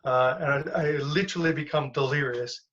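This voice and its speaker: A man, a guest and former professional fighter, telling stories in a casual, animated way, laughing and swearing as he goes. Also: a little high, fairly quick, dull audio. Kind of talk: casual storytelling.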